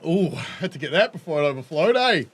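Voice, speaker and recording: Lively, swearing New gamer. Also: mid-range voice, fast talker, a little hiss or hum. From New Zealand. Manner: swears freely, laughs often, chatty and joking. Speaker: game streamer. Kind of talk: casual gameplay commentary.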